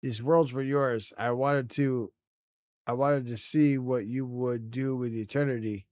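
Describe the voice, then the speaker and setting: A man voicing an ancient, all-knowing cosmic entity from a video game, reading its lines slowly and solemnly. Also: medium pitch, steady tone, darkish tone, no echo, clean studio sound, lightly acted.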